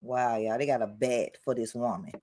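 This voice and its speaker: A woman's voice: a bass voice, steady tone, normal speed, mellow, no echo, clean studio sound. A woman hosting a livestream, cutting in with remarks and talking straight to her viewers. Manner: interjecting, addresses viewers directly. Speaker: live-stream host. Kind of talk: livestream commentary.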